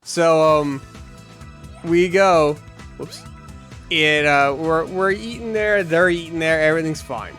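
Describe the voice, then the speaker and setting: This co-host of a gaming show plays a video game while chatting loosely, rambling through a story and imitating the voices of its characters. He speaks slowly in a fairly high, slightly bright voice, pausing often. Game music hums faintly in the background.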